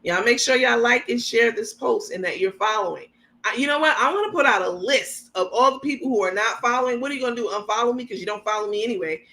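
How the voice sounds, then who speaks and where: Brief: tired, rambling woman host on a casual live stream, bright and sharp tone, laughs a lot. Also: fairly high pitch, fast talker, poor audio. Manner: chatty, rambling, laughs often, talks straight to viewers. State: sleepy, running on no sleep.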